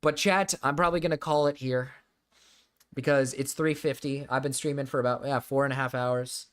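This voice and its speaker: A man's voice: medium pitch, fairly even intonation, brisk, a bit bright, smooth. A young man streaming, chatting casually to his viewers, rambling and swearing with frequent restarts.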